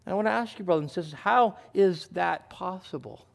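A male pastor preaching a sermon in an earnest way, moving between quiet, thoughtful passages and emphatic ones. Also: high-pitched, brisk, creaky.

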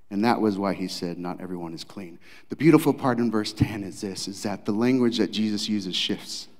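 A male pastor preaching a dramatic sermon, acting out scenes, swinging from loud to hushed. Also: mid-range voice, big-room sound.

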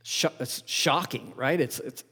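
A man's voice: a little high, unhurried, sharp tone, slightly rough. A man preaching a conversational sermon as pastor, asking his listeners many rhetorical questions and often restarting words. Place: church sanctuary. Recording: long hall reverb.

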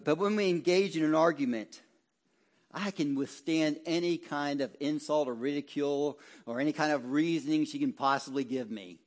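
A high-pitched middle-aged man preaches a fervent sermon. His voice drops to a near hush on solemn phrases and swells into loud, ringing exhortation when he stresses the hope he preaches. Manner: impassioned, swinging from hushed low tones to loud exhortation. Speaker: ruling elder preaching.

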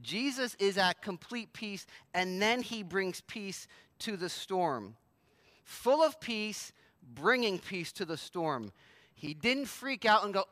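A man's voice: high voice, animated, a little slow, sharp tone, no room sound. A man preaching a sermon as pastor, conversational and emphatic, with a prayer before he reads and explains scripture.

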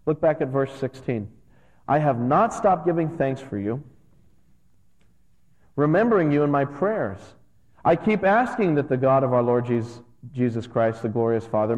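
A man in his thirties, a pastor, giving a conversational and earnest sermon that gets animated at times. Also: medium pitch. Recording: dull lo-fi sound with long hall reverb.

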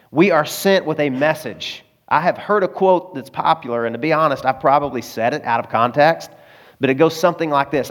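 A man preaching a sermon in a conversational way, with personal stories and frequent asides to the congregation. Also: mid-range voice. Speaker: pastor.

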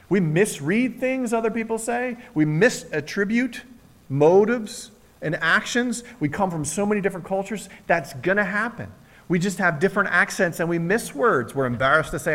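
A man preaching a sermon as pastor, earnest and impassioned, with dramatic pauses between phrases. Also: high voice, a bit bright. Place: church sanctuary. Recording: long hall reverb.

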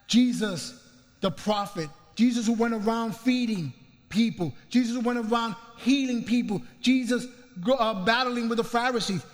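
Fervent high-voiced preacher in a reverberant hall. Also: male voice. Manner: fervent, slows and swells on scripture lines. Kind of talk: sermon.

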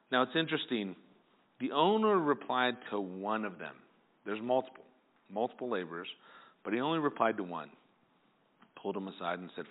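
A man's voice: lowish voice, moderate pace, long pauses. Man preaching over a tinny line. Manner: animated, acts out the people in the story. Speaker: pastor. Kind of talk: sermon. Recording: tinny phone-like sound.

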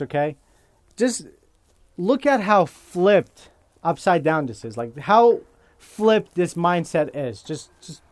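A man preaching a sermon as pastor, slow and deliberate, often checking in with his listeners by asking "okay?". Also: a little high, darkish tone, no echo.

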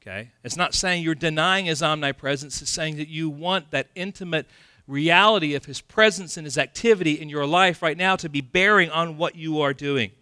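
A male pastor preaching a sermon in a lively, conversational way from California, acting out scenes with playful sound effects. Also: a little high, moderate pace, clear, resonant tone, dry recording, studio quality.

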